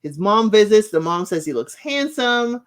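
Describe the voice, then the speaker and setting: A woman hosting a casual recap, chatty and opinionated, often saying "you know" and acting out quotes with jumps in pitch. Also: very animated, moderate pace. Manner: acts out quotes with shifting pitch. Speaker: recap podcast host. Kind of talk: casual reality-show recap commentary.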